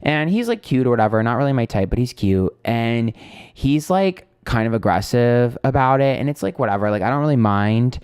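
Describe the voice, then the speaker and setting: A man's voice: medium pitch, expressive, a little fast, darkish tone, clear, resonant tone, no room sound, studio quality. A young man who reads tarot, rambling through a story in casual chat, swearing freely and sounding exasperated. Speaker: tarot reader and streamer.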